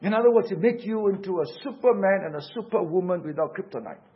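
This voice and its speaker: A man's voice: high-pitched, animated, fast, muffled recording. A man preaching a sermon in an earnest, emphatic way, repeating key words for weight. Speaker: pastor.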